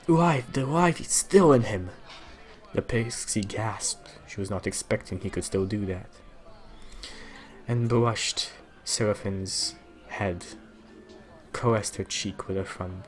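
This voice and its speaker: A man improvising a story aloud during a tabletop game, narrating slowly and haltingly. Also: fairly low pitch. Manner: slow, halting narration with restarts.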